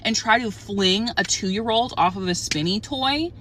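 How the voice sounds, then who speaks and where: A woman's voice: medium pitch, measured pace, fairly bright tone, a little hiss or hum. A young woman, mother of a toddler, telling a story and venting to camera in a chatty, exasperated way with many "like" fillers. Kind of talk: casual storytime rant to camera.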